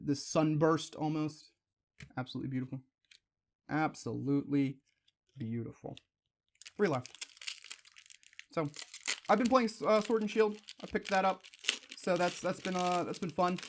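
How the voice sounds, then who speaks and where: A young man with a fairly high, slightly mellow voice hosts a card-opening video. He chats casually, drifting into asides and exclaiming whenever he pulls a shiny card.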